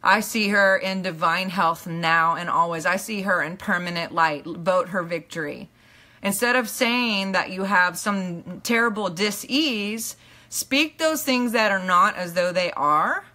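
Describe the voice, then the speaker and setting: Middle-aged woman preaching on a live stream, bright tone, earnest and emphatic, keeps asking "okay?". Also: on the low side, measured pace. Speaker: teacher and minister. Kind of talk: live-streamed motivational teaching.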